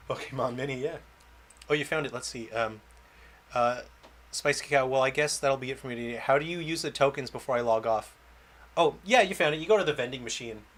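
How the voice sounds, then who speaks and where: A man's voice: mid-range voice, a little fast, pauses often, fairly bright tone. A man, a game developer, chatting casually while he plays a game on a livestream and answers viewer questions aloud. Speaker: game developer hosting a launch stream. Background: faint game music.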